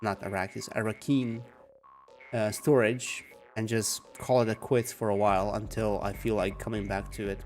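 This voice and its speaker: A young man with a calm, soft-spoken manner chatting casually with viewers while playing a game at home. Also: fairly low pitch, normal speed, soft background music. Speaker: gaming streamer. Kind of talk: casual live game commentary. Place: home room.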